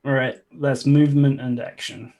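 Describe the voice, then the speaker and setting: A man's voice: mid-range voice, fairly even intonation, moderate pace, gravelly, mellow. Laid-back man running a tabletop game. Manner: chatty, laughs between rulings. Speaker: game master.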